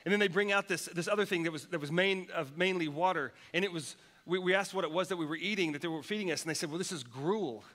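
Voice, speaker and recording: Bright-voiced male pastor preaching. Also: high voice, fast, few pauses. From United States. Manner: storytelling with many restarts and repeated words. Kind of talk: sermon.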